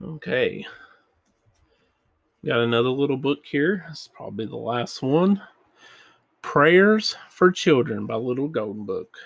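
Man reading a kids' book aloud, gentle storytelling voice, dry close sound, mid pitch. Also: lively intonation, a little slow, creaky, pauses often, dry recording. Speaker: reader of children's books.

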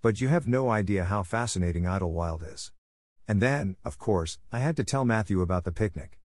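A man voicing an excitable, chatty orphan girl who gushes eagerly and breathlessly. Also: on the low side, a little fast, no echo, clean studio sound, close to an everyday voice. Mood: gushing.

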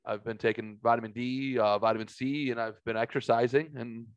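A man's voice: mid-range voice, steady tone, fairly quick, clear, resonant tone, no echo, lo-fi sound. A man telling a story in a casual podcast chat, profane and heated.

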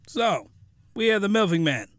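A man hosting a podcast, giving a comedic recap of a cartoon episode in animated slang and breaking into excited shouts. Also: high voice, moderate pace, loud music behind the voice. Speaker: podcast host.

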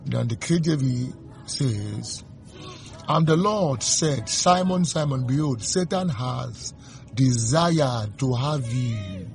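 Man preaching, unhurried and gravelly, repeats lines for emphasis; soft music bed. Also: mid-range voice, animated. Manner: slow, fervent, repetitive preaching with chanted refrains. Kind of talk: sermon.

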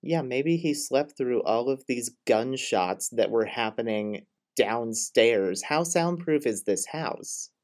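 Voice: medium pitch, expressive, slow pace, hardly any pauses, darkish tone. A podcast co-host in casual chat, recapping a film with dry, opinionated asides.

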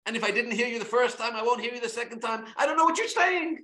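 A man's voice: extremely high pitch, expressive, quick pace, pushed and bright, voice pushed up, exaggerated voice. Pharaoh: aloof, sniffy Egyptian king, acted by a man teaching in an echoey room. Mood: dismissive. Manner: dismissive, feigned polite ignorance. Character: haughty aloof ancient Egyptian king, male.

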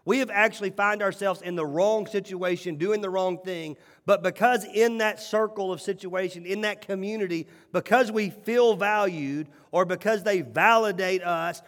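A male pastor preaching a sermon with animated, emphatic storytelling and repeated phrases. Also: sits high, moderate pace, few pauses. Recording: long hall reverb.

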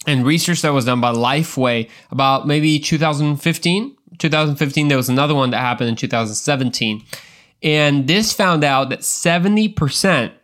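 A man's voice: a little high, fairly bright tone. A young adult man hosting a Christian podcast, telling stories in a casual, earnest, rambling way with many restarts. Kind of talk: casual podcast talk with storytelling.

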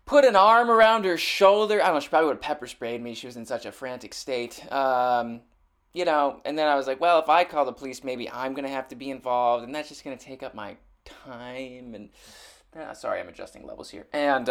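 A young man hosting his own podcast, talking off the cuff in a loose, meandering way. He trips over his words and restarts often, and his humor runs dry and sarcastic. His voice sits at an ordinary middle pitch for a man. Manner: rambling, sardonic, frequent restarts and fillers. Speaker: podcast host. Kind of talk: casual chat.

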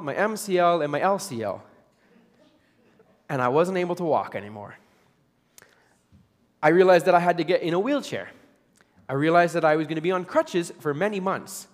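A young man telling a personal story as part of a sermon, earnest and self-deprecating, as a pastor to his congregation. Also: high-pitched. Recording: long reverb of a large hall.

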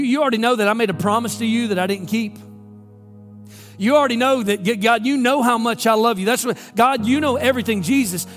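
A man's voice: high-pitched, a bit bright. A preacher voicing a remorseful man confessing. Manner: pleading, broken-hearted.

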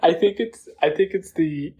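A man's voice: fairly high pitch, slow, darkish tone, husky, muffled recording. A man co-hosting a casual podcast, giggling and rambling as he talks through his notes on a film. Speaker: podcast co-host. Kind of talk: casual movie-discussion chat.

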